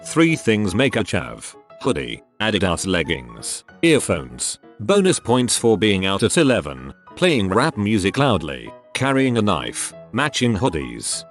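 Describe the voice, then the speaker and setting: A man narrating a list of online posts in a brisk, matter-of-fact read with dry, sardonic asides. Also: on the low side, huge pitch swings, faint music behind. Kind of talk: scripted narration.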